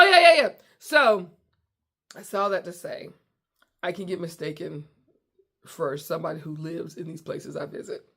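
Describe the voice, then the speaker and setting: An American woman who hosts a comedy show tells a story from her home basement, chatting in a casual, animated way and often cutting off mid-sentence. Her voice is fairly low and gravelly.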